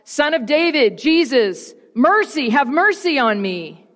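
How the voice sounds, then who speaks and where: A woman's voice: high-pitched, very animated, slow, in a large hall, pitched above the performer's own voice, full character voice. A woman crying out as a desperate blind beggar man. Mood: pleading. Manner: crying out, pleading loudly.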